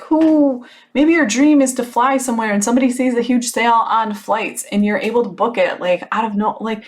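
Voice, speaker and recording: Candid, animated woman podcasting. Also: a little high. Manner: animated storytelling with lots of fillers; frank, with occasional swearing. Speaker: podcast host. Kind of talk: casual motivational monologue.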